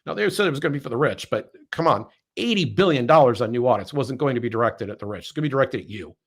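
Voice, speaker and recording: A man's voice: medium pitch, expressive, rapid-fire, husky. A man hosting a political podcast, sarcastic and emphatic, often repeating words as he builds a point. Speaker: podcast host. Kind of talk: political commentary chat.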